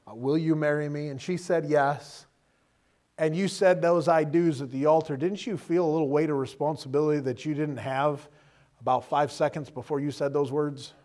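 A man's voice: a little high, steady tone, normal speed, a little mellow. A middle-aged man preaching a sermon in a conversational, humorous way, often checking in with the listeners. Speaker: pastor.

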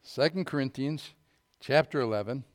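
A middle-aged man preaching a sermon, telling folksy stories before reading scripture in a loud, emphatic voice. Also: mid-range voice, moderate pace. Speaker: pastor.

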